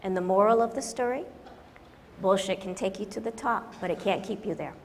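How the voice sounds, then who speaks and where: A woman's voice: medium pitch, a little fast. A woman business consultant giving a humorous conference talk, joking and self-deprecating, with emphatic stresses. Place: large conference hall. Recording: reverberant conference hall, faint noise.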